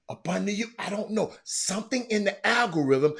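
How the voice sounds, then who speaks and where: A man hosting a livestream, stammering and repeating himself, muttering low one moment and shouting the next. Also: brisk, vocal fry, hardly any pauses, slightly rough. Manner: repetitive, stammering, talks straight to viewers; swings from quiet muttering to loud shouting. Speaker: livestream host. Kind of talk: casual livestream chat.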